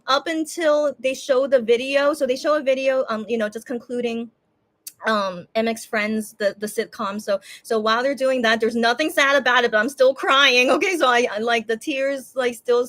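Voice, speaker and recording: A woman talks casually to her viewers about an event she watched, looping back and restarting her sentences as feelings rise. Her voice sits a little high. She keeps quoting what she told herself in the moment. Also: fairly bright tone. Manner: emotional, rambling, many restarts and self-talk. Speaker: fan vlogger. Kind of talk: casual recap to camera.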